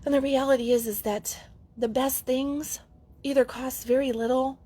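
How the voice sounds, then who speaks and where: A woman's voice: sits high, fairly even intonation, moderate pace, dark tone. A middle-aged woman, a relationship coach, telling a candid story to her camera in a chatty vlog, laughing easily. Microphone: camera mic.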